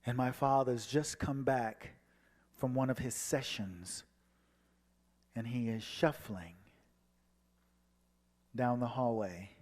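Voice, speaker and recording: A man giving a personal testimony as a guest speaker, telling his story and acting out the dialogue, moving from hushed passages to soaring ones. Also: medium pitch, fairly even intonation, slow, pauses often. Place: church sanctuary. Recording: long hall reverb.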